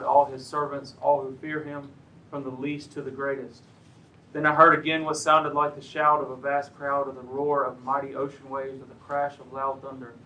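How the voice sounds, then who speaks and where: A man's voice: medium pitch, level tone, moderate pace, rough recording. A man reading scripture aloud during a church service, putting emphasis on the proclaimed lines. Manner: emphatic, rising on the shouted lines. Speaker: scripture reader.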